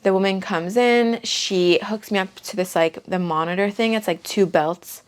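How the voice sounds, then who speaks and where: A woman's voice: medium pitch, normal speed, clear, resonant tone. Chatty young woman telling a story. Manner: chatty, peppered with "like". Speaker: vlogger. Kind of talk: casual storytelling.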